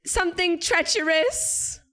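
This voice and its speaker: Girl doing a screechy old lady, way up high, yelling and dragging the words out. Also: heavily acted. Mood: screeching. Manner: drawn-out screeching yells. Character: shrieking old woman yelling after someone.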